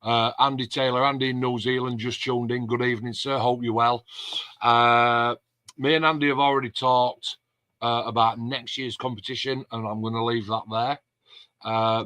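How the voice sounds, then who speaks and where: A man's voice: mid-range voice, bright, forceful tone, dry recording. A man hosting a casual live stream, chatting and reading out viewer comments. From England. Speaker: host of a model-building live stream.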